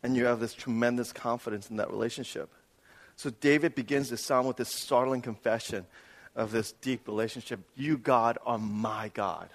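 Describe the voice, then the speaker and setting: A man preaching a sermon as pastor, swinging between loud emphatic stretches and soft hushed ones. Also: mid-range voice, fairly even intonation, fairly quick, big-room sound.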